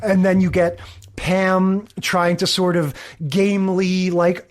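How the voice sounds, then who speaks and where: A man's voice: high voice, level tone, slow pace. A man co-hosting a podcast, casually recapping a sitcom episode and retelling scenes with quoted lines. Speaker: podcast co-host. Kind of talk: casual chat.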